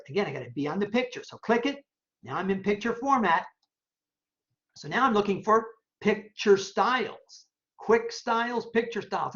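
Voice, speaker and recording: A professor talking through a software demo on a screen recording, casually thinking aloud while checking each option and repeating phrases. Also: mid-range voice. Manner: casual, chatty explaining with verbal tics. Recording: dull lo-fi recording.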